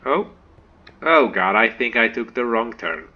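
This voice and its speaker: A man giving chatty, excitable gameplay commentary as a let's play host, humming little tunes to himself as he goes. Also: mid-range voice, normal speed, muffled recording.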